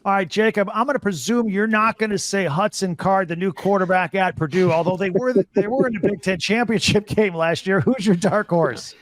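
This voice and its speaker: A man hosting a sports podcast panel, brisk and upbeat as he hands the floor to each guest. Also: high-pitched. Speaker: podcast host. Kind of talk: casual panel chat.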